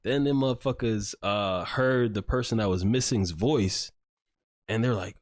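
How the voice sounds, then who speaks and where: A man's voice: fairly low pitch, unhurried, no echo, studio quality. A man hosting a podcast, recounting a story in a rambling, casual way with lots of filler words and swearing. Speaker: podcast host. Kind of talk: casual chat.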